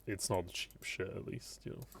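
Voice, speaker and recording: Lively gravelly man running a tabletop game. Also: deep voice, normal speed. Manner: animated, laughing, casual. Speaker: game master. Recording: faint background noise.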